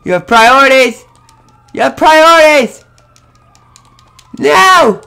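A young man giving loud, excitable gameplay commentary, often yelling and cursing at what happens on screen. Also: very high-pitched, drawn-out words, vocal fry, pauses often. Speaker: gaming video host.

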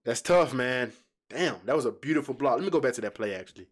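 A man hosting a casual basketball reaction video, excitable and slangy, blurting out swears and talking straight to his viewers. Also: mid-range voice, quick pace.

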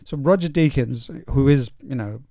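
An older male film director in a casual stage Q&A, telling anecdotes in a relaxed way with many fillers. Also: mid-range voice, moderate pace. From North East England. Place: cinema auditorium.

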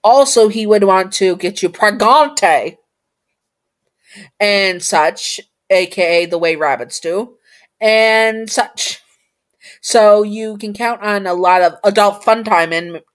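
A woman reads a fan story aloud in a casual, playful way, breaking off to chat and talk to herself. Her voice sits fairly low for a woman. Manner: chatty, giggly, talks to herself.

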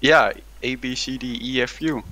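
A man's voice: mid-range voice, fairly even intonation, moderate pace, sharp tone, rough recording. A young man chatting casually with a friend while gaming, joking, rambling and swearing a lot. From Denmark.

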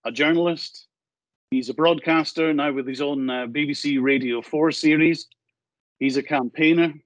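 A man hosting an online conference, introducing the keynote speaker with a hesitant manner and many pauses. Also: a little high, no echo, dull audio. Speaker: conference host.

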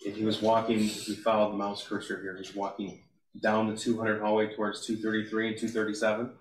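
A man questioning a witness in a courtroom, with measured, methodical questions. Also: fairly low pitch, completely flat delivery. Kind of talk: courtroom examination. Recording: roomy courtroom audio, distant mic, faint hiss.

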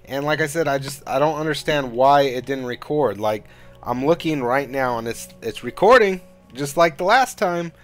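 A man's voice: mid-range voice, animated, normal speed, soft background music. Frustrated, cussing gaming host guy. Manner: frustrated, rambling, swears a lot. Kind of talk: casual let's-play commentary.

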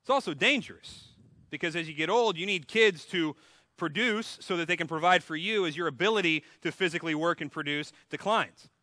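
Casting: a male pastor with a high, bright voice, casual humorous sermon delivery. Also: fairly quick, dry recording. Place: church.

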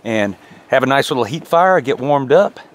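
A man's voice: mid-range voice, lively intonation, moderate pace. A man chatting cheerfully to the camera while camping in snowy woods. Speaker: outdoor vlogger. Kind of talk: casual narration to camera. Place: snowy woods campsite outdoors.

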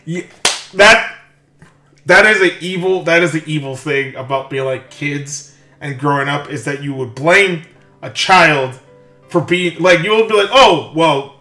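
A man giving rambling, animated let's-play commentary while reading a game aloud. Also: on the high side, unhurried. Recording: echoey room, faint music.

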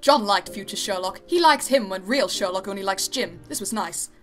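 Young woman narrator, deadpan amateur storytelling for a fan cartoon, bright tone. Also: mid-range voice, moderate pace, soft background music.

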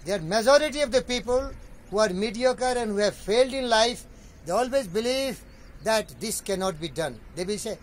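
A man giving a motivational talk and reciting a poem, building to emphatic shouted repetitions. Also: high-pitched, expressive, brisk. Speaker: motivational speaker.

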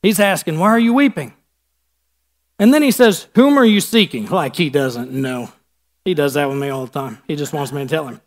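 High-voiced man preaching a sermon. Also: expressive, moderate pace. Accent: Midwestern American. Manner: conversational, acts out Bible scenes in casual voices. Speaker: pastor.

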